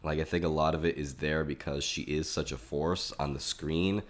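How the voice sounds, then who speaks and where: Very deep-voiced man discussing films. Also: steady tone, moderate pace. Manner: analytical, leading the discussion. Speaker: film podcast co-host. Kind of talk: casual chat.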